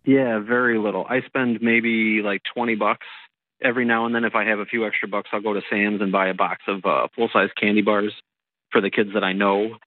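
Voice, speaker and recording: A man's voice: on the low side, little pitch movement, brisk, no room sound. A man in his thirties from Illinois, talking on a radio show by phone in a laid-back, rambling way with frequent chuckles. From Illinois, USA. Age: 30s. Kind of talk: casual phone interview. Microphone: telephone. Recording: tinny phone line.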